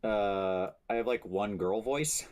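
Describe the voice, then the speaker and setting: A man's voice: fairly low pitch, slow, a little mellow. A man who plays and runs tabletop games, chatting eagerly on a live stream, laughing often and correcting himself as he goes. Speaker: guest player who also runs games. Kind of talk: casual chat on a live stream.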